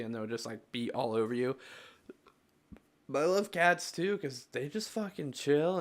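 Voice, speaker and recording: A man's voice: mid-range voice, a bit bright. A man chatting casually on a live stream, loose and swearing, laughing at his own silly voices.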